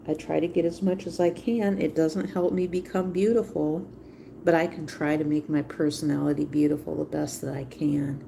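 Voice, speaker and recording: A woman's voice: low-pitched, gravelly, dark tone, a little hiss or hum. A woman hosting a livestream, talking casually in a rambling way and repeating phrases for emphasis. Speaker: livestream host.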